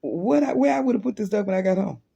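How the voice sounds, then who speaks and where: Husky, animated woman telling a story. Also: mid-range voice, fast, lo-fi sound. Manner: animated, laughing, vivid sound effects. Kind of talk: casual storytelling.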